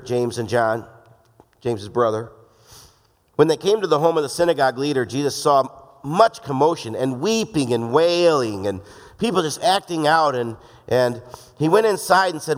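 A man's voice: medium pitch, lively intonation, normal speed. A man preaching a sermon in a casual, joking way, acting out the voices he quotes. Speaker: pastor. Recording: long hall reverb.

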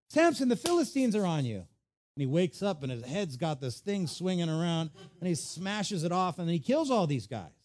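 A man preaching a sermon, retelling a story with animated storytelling and acted-out voices. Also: on the high side. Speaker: pastor.

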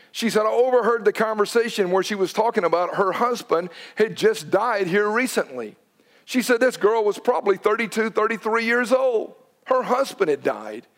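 A man, preaching a sermon as pastor and telling stories with quoted dialogue and urgent emphasis. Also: sits high.

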